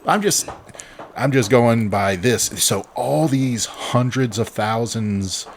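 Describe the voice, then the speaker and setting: A man's voice: mid-range voice, takes it slowly, a little hiss or hum. A man, co-hosting a podcast in a casual chat, rambling through explanations with the odd swear word. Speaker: podcast co-host.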